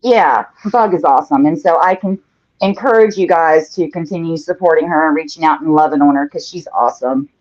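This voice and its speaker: A woman's voice: sits low, brisk, darkish tone. Chatty woman hosting a painting livestream. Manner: chatty, reads out viewer comments as she works. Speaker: host of a live painting show. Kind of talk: casual livestream chat while painting. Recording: dull lo-fi livestream audio.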